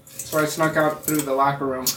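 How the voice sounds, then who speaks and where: A man's voice: a little high, flat delivery, normal speed, a bit bright, a little hiss or hum. A man playing a tabletop horror game, easygoing and wry. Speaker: player. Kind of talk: casual game banter. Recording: roomy room.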